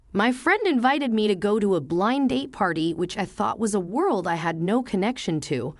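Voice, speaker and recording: A woman's voice: mid-range voice, no echo, studio quality. Woman narrating a heartfelt story. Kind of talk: first-person story narration.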